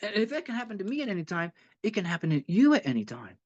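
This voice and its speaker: A man's voice: high-pitched, wildly swooping pitch, fast. Guy sharing his sobriety story at a meeting, earnest and rambly, kinda muffled lo-fi sound. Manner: earnest, repeats himself, laughs a little. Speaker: recovery meeting speaker. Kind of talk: personal recovery talk.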